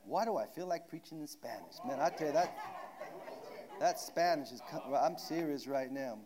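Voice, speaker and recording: High-voiced man preaching with big swings. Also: lively intonation, moderate pace, a crowd in the background. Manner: dramatic swings from loud declarations to hushed asides. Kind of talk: sermon.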